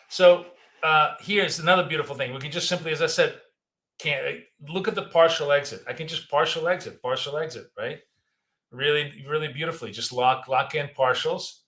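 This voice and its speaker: Bright-voiced Russian-accented man trading live. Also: medium pitch. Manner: casual, rambling, thinking aloud. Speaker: trading educator.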